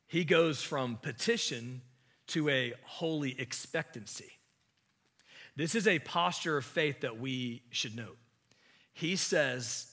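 A man preaching a sermon as pastor, impassioned, swinging from loud emphasis to hushed asides. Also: medium pitch, slow.

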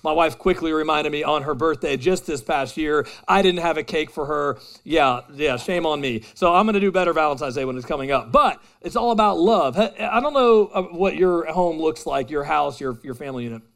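Male pastor, thirties, slightly high voice, chatty self-mocking sermon delivery. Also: expressive, fairly quick, vocal fry, hardly any pauses, a bit bright. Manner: casual, self-deprecating and conversational with the congregation. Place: church hall with a live congregation.

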